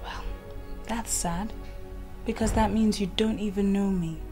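A woman's voice: mid-range voice, steady tone, a little slow, music in the background, natural voice. A young woman playing a confident daughter of privilege who teases a young man. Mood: teasing. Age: young adult. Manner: confident, teasing. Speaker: Senate President's daughter. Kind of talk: Nollywood film acting.

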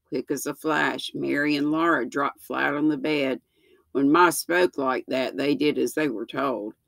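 A woman in her sixties reading a children's book aloud, slow and gentle, with small slips that she corrects. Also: very deep voice, fairly even intonation, vocal fry, dry recording. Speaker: storyteller.

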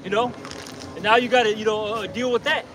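A man street preaching outdoors in a loud, confrontational way, often tagging his points with "okay?". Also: high voice, steady tone, quick pace. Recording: distant mic with loud street noise.

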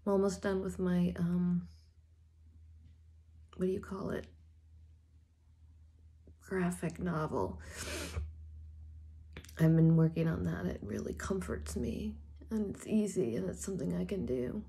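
A woman crying as she talks in a personal video diary, halting and often dropping to a whisper. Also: fairly low pitch, warm tone. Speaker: vlogger.

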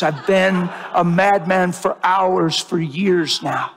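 A man's voice: high voice, slow, creaky, hardly any pauses, a bit bright. A man preaching a sermon with emphatic delivery, repeating phrases to drive the point home. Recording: long reverb of a large hall.

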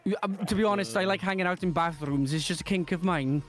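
A man's voice: high-pitched, quick pace, over music. A man joking around in casual gaming chat, stammering and repeating himself.

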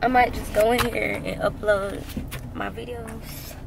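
A woman's voice: a little high, steady tone, measured pace, gravelly, noisy background. A sleepy woman chatting casually with slang into a phone camera in her parked car at night. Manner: casual, slangy and chatty, drawling tired speech. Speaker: vlogger. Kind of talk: casual vlog chat.

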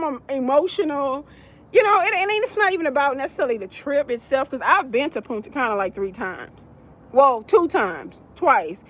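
A woman telling a travel story to her viewers in a casual vlog, animated, calling them y'all. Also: high-pitched. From United States. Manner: animated, addresses viewers as y'all, acts out quoted people.

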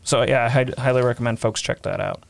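A man's voice: mid-range voice, fast, gravelly, no room sound. A man hosting a casual history podcast, reading quotes aloud and laughing easily. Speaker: podcast host.

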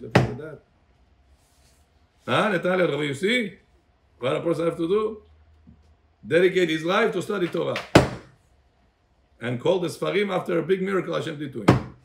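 A man's voice: fairly high pitch, brisk, vocal fry, pauses often, heavy background noise. A rabbi teaching a Torah class to a congregation. He calls on listeners by name, quizzes them, and switches between English and Hebrew phrases.

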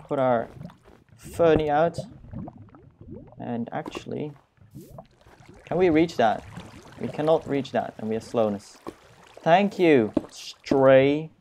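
A young man giving casual, self-mocking commentary while he plays a video game, dropping puns in a flat tone. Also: medium pitch, slight background noise. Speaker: Let's Play gamer.

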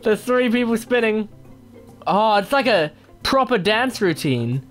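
A woman hosting a gaming video, chatting casually over her gameplay, excitable and giggly, breaking into sung dance noises. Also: mid-range voice, measured pace, faint music behind.

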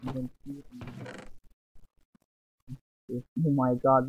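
Excitable young man narrating gameplay. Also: on the high side, a little slow, pauses often, a little hiss or hum. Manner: excitable and rambling, often exclaiming. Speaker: gaming channel host. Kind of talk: casual gameplay commentary. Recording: dull lo-fi sound. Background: faint background music.

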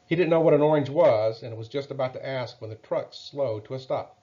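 A man reading a children's Bible story aloud in a gentle, measured way. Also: mid-range voice, muffled recording.

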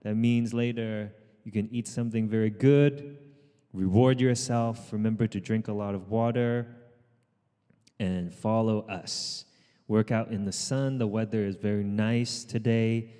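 A man leading an outdoor group workout as trainer, calling out counts and urging people on, with quick asides in Cantonese. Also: on the low side, fairly even intonation, clean tone, in a large hall. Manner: shouted counting and encouragement, switching into Cantonese asides. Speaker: fitness trainer. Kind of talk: live workout coaching. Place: outdoors in the sun.

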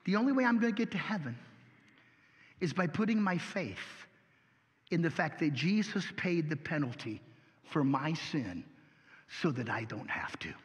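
A man preaching a sermon as pastor, folksy and animated, asking rhetorical questions. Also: fairly high pitch, moderate pace, long pauses, long reverb tail.

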